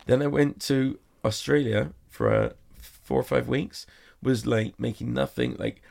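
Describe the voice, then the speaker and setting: Very gravelly man telling a story. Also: medium pitch, a little slow, a little mellow. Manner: rambling storytelling full of "like" and quoted exchanges. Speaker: guest, magician performer. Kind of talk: casual anecdote in conversation. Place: sauna.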